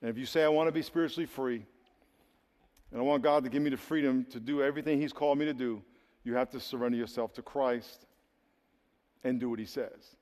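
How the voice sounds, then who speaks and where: A male preacher delivers a sermon with lively, playful energy, acting out quick exchanges between characters. His voice sits at an average pitch. The sound carries a long reverb, as if he is in a big church hall. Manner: lively, jokey preaching with acted-out dialogue.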